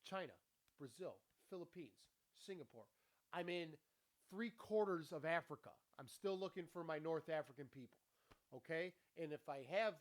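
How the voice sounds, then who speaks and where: A man hosting his own show, talking in a rambling, profane motivational monologue and laughing often. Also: on the high side. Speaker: podcast host. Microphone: camera with ring light.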